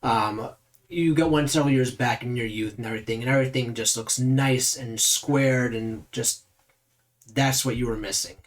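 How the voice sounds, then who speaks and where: A man's voice: medium pitch, normal speed. A man running a tabletop game as game master, narrating loosely with many fillers.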